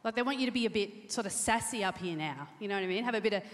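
A woman's voice: medium pitch, lively intonation, rapid-fire. A woman doing a self-deprecating stand-up comedy set on a theatre stage, often acting out the voices of other people. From Australia. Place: large theatre stage before a live audience. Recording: echoey theatre with long reverb and crowd.

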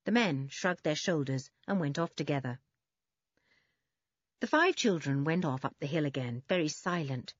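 A woman narrating a children's book in an expressive storytelling manner, husky in tone. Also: low voice, moderate pace, dry recording. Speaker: audiobook narrator. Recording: dull, dry recording.

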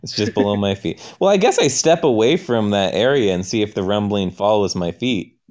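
A man's voice: lowish voice, animated, darkish tone. A man playing along in an improvised story game, narrating his own actions with hesitant restarts and questions. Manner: halting, questioning, self-narrating. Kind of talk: improvised role-play.

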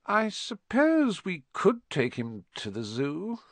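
A man voicing a shrill, fussy, snappish middle-aged aunt in an audiobook reading. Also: huge pitch swings, measured pace, no room sound, full character voice. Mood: scheming. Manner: sharp, high and snapping. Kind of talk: audiobook character voice.

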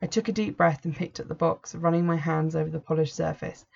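Measured woman storyteller, low and gravelly, muffled recording. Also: steady tone, a little mellow. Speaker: narrator. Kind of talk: first-person story reading. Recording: dull lo-fi recording.

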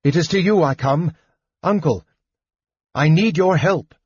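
A man's voice: on the low side, lively intonation, normal speed, dark tone, slightly rough, no room sound, dull audio. A man doing an earnest young mage. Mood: desperate cries. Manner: earnest, desperate pleading.

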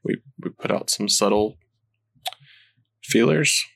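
Gravelly low-voiced man at the table. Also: fairly bright tone. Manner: blunt, swearing, quick to object. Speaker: player. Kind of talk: casual tabletop chat.

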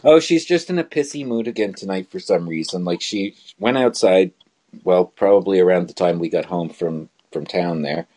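A man's voice: sits low, normal speed, mellow. A man co-hosting a casual live show from his bedroom, telling rambling stories in an easygoing way. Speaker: co-host.

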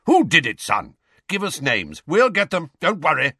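A man's voice: fairly high pitch, huge pitch swings, normal speed, pushed and bright, husky, no echo, studio quality, pitched above the performer's own voice, heavily acted. A man voicing a blustering, bullying middle-aged uncle in a storybook reading. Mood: blustering, angry. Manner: blustering, bellowing.

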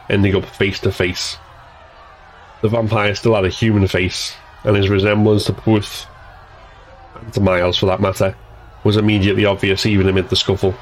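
A man narrating an action scene as a scripted audiobook reading, in a steady, measured way. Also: sits low, low-quality recording.

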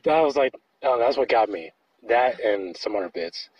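Man, podcast co-host, husky voice, rambling casual chat, dull lo-fi sound. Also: mid-range voice, expressive, moderate pace, no room sound. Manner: rambling, laughs often, many likes.

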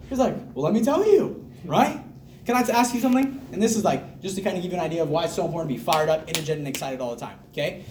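A high-pitched man pumps up his team with a hyped, repetitive motivational talk and laughs often. He stands a little way from the mic, and his voice echoes around the room. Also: quick pace, a little mellow, recorded from a distance, a little hiss or hum. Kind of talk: motivational speech to a group.

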